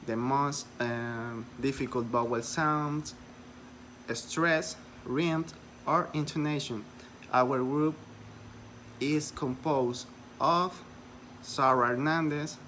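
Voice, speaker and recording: A man's voice: mid-range voice, fairly bright tone, slight background noise. A young man, a student, opening a class project video with a polite, formal greeting and brief hesitations. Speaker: student presenter. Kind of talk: video introduction.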